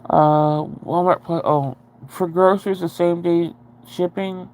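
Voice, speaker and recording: A woman's voice: low-pitched, fairly even intonation, a little slow, hardly any pauses, darkish tone. A woman hosting a casual livestream, rambling and chatty as she answers viewer comments and swears freely. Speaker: livestream host.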